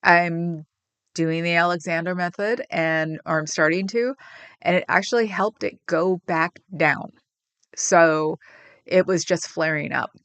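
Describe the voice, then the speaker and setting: A woman's voice: on the low side, a little slow, a bit bright, clean tone, no room sound. A woman hosting a livestream, chatting casually and rambling with viewers, getting emotional about her pets. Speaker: livestream host.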